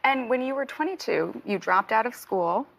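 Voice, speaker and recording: Woman tv interviewer, kinda high voice, upbeat, asking questions. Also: lively intonation, moderate pace, vocal fry, fairly bright tone. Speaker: TV contributor and interviewer. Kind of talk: TV feature interview and presentation.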